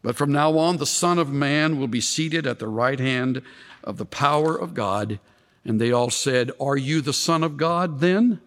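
A male preacher giving an expository sermon, animated, with dramatic swings of voice when he quotes. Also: unhurried, long reverb tail. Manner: animated, dramatic shifts in pitch when quoting.

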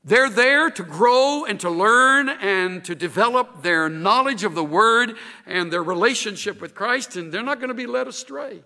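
A man preaching a sermon, emphatic and expressive, building to strong points. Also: high-pitched, moderate pace, long reverb tail.

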